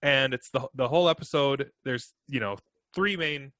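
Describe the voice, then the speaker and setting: Bright-voiced male podcast co-host. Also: medium pitch, normal speed, no room sound. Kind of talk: casual chat.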